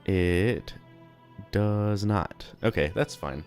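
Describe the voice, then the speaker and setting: Young man, streamer, casual rambling chat, profane, slightly sick, lowish voice, faint background music. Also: very slow, darkish tone. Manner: rambling, profane, self-deprecating.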